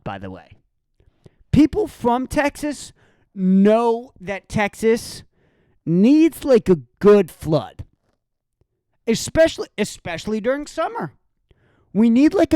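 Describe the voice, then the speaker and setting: A woman's voice: mid-range voice, wildly swooping pitch, slow, warm tone, no room sound. A woman hosting a solo podcast, ranting in a heated, sarcastic and profane way. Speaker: podcast host.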